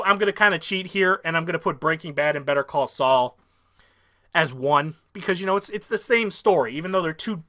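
A young man hosting a comedic ranking vlog, ranting with mock outrage and swinging from mumbled asides to loud excited bursts. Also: fairly high pitch. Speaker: YouTuber.

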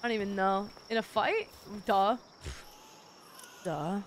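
A woman's voice: medium pitch, slow, a little hiss or hum. A young woman streaming a game while sick, playful and swearing a lot, calling her viewers darlings. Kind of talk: casual gaming stream chat.

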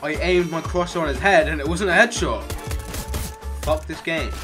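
A man raging in gameplay voice chat, swearing in explosive yelling outbursts, talking over a headset. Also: fairly high pitch, normal speed, music in the background. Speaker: gamer streaming team matches.

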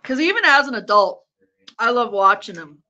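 High, bright-voiced woman chatting and laughing. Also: sing-song, normal speed. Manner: rambling, laughs often, swears freely. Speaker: live-stream host. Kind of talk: casual chat while watching a game. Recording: dull lo-fi sound.

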